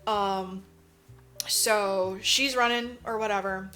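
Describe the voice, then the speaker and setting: A woman with a bright, forceful voice chats casually on a podcast, retelling a movie scene by scene. She swears freely, leans on "like" and acts out each character's lines in turn. Faint music plays underneath. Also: mid-range voice, takes it slowly. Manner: animated storyteller acting out characters' lines; swears freely, lots of "like" fillers. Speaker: podcast co-host. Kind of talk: casual movie recap chat.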